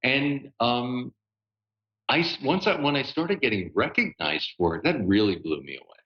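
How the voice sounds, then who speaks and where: Man in his 60s, lively storyteller, pitch swings a lot, muffled dull audio. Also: normal speed. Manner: animated, laughing storyteller with lots of fillers. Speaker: guest voice actor. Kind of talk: casual interview storytelling.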